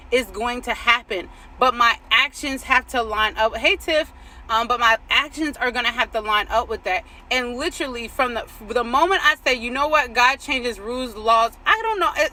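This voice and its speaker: A woman's voice: a little high, normal speed, sharp tone, slight background noise, low-quality recording. A woman who coaches on faith, telling a personal story in a chatty way, full of "like" and "right?" and affirmations about trusting God. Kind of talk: casual faith talk. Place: outdoors. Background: passing vehicles.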